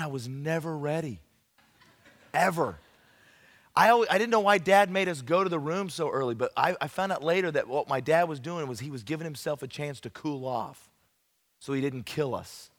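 A man preaching at a youth camp, telling a funny story from his childhood with lively, folksy emphasis. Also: fairly high pitch. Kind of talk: evangelistic sermon with humorous storytelling. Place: large camp meeting room. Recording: long hall reverb.

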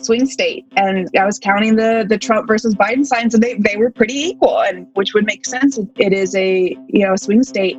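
A woman's voice: medium pitch, muffled recording. A woman runner talking casually as an interview guest, chatty and self-deprecating, filling her speech with "like". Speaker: long-distance runner guest.

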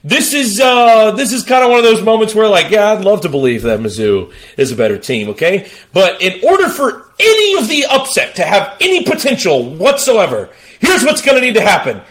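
A man hosting a sports talk podcast, hyped and theatrical, breaking into shouts. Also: high-pitched, wildly swooping pitch, fairly quick, few pauses. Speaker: podcast host.

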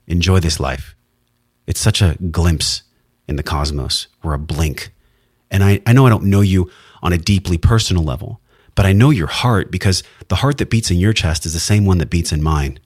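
A man with a very low voice speaks straight to the listener in an earnest, emphatic monologue. The sound is dry and close, with no room around it. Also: normal speed, a little mellow, husky, no echo. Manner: earnest, heartfelt, emphatic with occasional swearing. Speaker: podcast host. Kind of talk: solo wellness podcast monologue.

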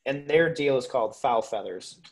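A young man from Minnesota talks as a podcast guest, telling stories in an animated, rambling way. His voice sits at an ordinary middle pitch, and he leans on casual filler words and the odd swear. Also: moderate pace. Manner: animated storyteller, swears freely, lots of "like" and "dude". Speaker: podcast guest, waterfowl hunter.

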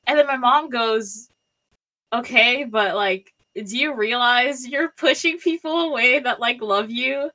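A woman's voice: fairly high pitch, measured pace, pushed and bright. A young woman telling a personal story in casual chat, rambling with lots of fillers and acting out quotes. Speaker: storyteller guest.

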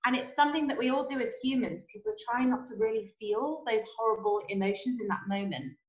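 A woman's voice: fairly high pitch, brisk, echoey room, poor audio. A woman chiropractor answering interview questions, earnest and explanatory. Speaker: chiropractor guest.

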